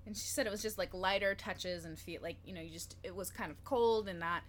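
A woman co-hosting a podcast in casual chat, animated and giggly, swearing freely. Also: medium pitch, a little fast, slight background noise. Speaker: podcast co-host.

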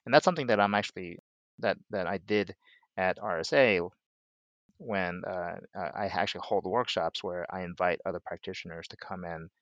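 A man with a very deep voice speaks as a guest author in an interview, calm and earnest. He sometimes repeats words as he gathers his thoughts. The sound is dry and close, with no room echo. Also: normal speed, dull audio. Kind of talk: casual interview answers.

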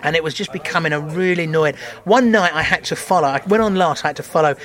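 A man's voice: fairly high pitch, quick pace. A man, a stand-up comedian, chatting casually and acting out stories with laughter and swearing. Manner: animated storyteller acting out crowd voices, swearing, laughing often. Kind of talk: casual chat, anecdotes.

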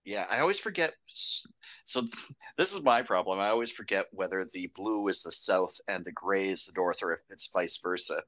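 A man's voice: deep voice, fairly quick, bright, forceful tone, low-quality recording. A man co-hosting a film podcast, laughing easily, drifting into tangents and restarting his sentences. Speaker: podcast co-host. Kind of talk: casual film discussion.

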